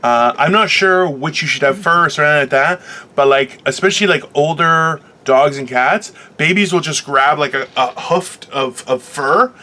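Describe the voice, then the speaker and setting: High-pitched guy co-hosting a loose morning chat, swears a lot, bright sharp voice. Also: moderate pace. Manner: profane, joking, animated rant; puts on silly voices when quoting people. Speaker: co-host. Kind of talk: unscripted casual chat.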